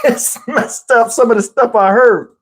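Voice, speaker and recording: A man's voice: very high-pitched, measured pace, low-quality recording. Chuckling, rambling storyteller man from New Jersey. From Camden, New Jersey, US. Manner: chuckles often while telling the story; animated, rambling with restarts. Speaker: channel host. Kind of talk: casual storytelling.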